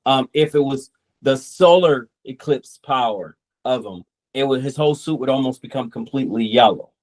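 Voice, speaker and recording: A man's voice: mid-range voice, moderate pace. Rambling comic creator, a man. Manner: relaxed, rambling, quotes people in asides. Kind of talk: casual interview chat.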